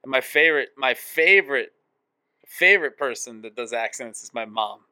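Podcast co-host, man, very bright voice, lively swings in pitch, dry close sound. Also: moderate pace, smooth, no echo. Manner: lively, reminiscing, laughs while talking. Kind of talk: casual chat.

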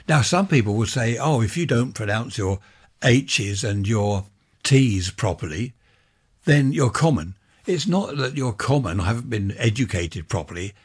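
A man's voice: mid-range voice, slightly rough. An older man from England chatting on his own show in a rambling, casual monologue, with chuckling asides. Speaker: podcast host.

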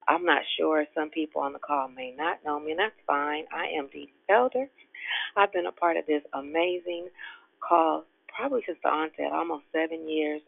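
A woman in her 50s from Richmond, Virginia, leads a devotional prayer call, exuberant and folksy and laughing often. Her voice is low and gravelly, captured on a phone over a tinny line with a dry sound and no echo.

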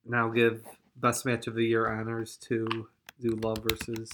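A man's voice: lowish voice, monotone, unhurried, noisy background. A man co-hosting a podcast in casual chat, easygoing and chatty with frequent chuckles. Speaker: podcast co-host.

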